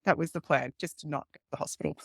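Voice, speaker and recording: A woman's voice: deep voice, racing, creaky, dry recording, clean studio sound. A woman, a guest police detective, telling a story in casual talk and acting out the voices of the people in it. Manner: animated retelling, acting out quoted voices with laughs.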